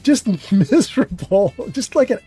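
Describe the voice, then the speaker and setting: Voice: mid-range voice, big pitch swings, unhurried, warm tone, slightly rough, soft background music. A streamer talking through a game and rambling into a self-deprecating story, full of fillers. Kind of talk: gameplay commentary and storytelling.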